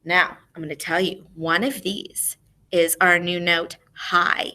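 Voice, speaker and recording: A woman teaching a music lesson to young children online. She speaks expressively and clearly, asking questions and then answering them herself. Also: on the low side, steady tone, takes it slowly, sharp tone.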